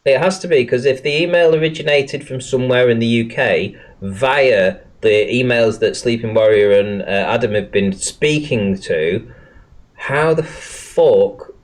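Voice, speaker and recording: A man hosting a casual livestream, swearing often and hesitating with many fillers. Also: medium pitch. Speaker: livestream host.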